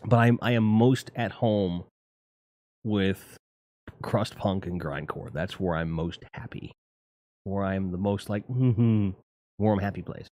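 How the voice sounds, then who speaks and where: A man hosting a live stream, talking casually and profanely about heavy music in rambling, animated asides. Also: fairly low pitch, takes it slowly, no room sound. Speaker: streamer host.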